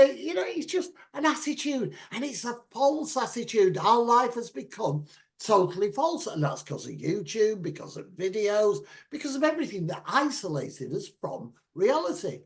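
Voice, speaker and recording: A man's voice: high voice, moderate pace, vocal fry. A man talking in rambling, opinionated casual chat, sometimes acting out other people's voices. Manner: rambling, animated, acts out voices.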